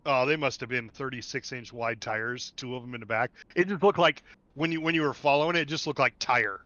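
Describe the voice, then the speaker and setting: A man's voice: medium pitch, a little fast, pushed and bright, dry recording, dull audio. A man hosting a game stream, chatting casually, laughing often and repeating himself. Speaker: stream host. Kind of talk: casual chat while gaming.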